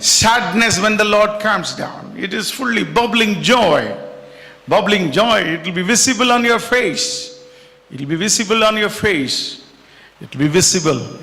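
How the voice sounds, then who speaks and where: A man's voice: sits high, bright, forceful tone. A man preaching a sermon, fervent and repetitive, telling personal stories. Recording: echoey hall.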